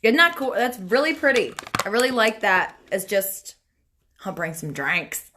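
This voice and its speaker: A woman's voice: medium pitch, very animated, unhurried, background noise. A young woman chatting casually through a makeup tutorial on a phone livestream, talking to viewers and family as she works. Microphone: phone camera.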